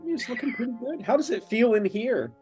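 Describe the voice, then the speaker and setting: A man's voice: extremely high pitch, expressive, a little fast, mellow, soft background music. A man playing a soothing, stammering HR agent. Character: gentle, halting male HR agent.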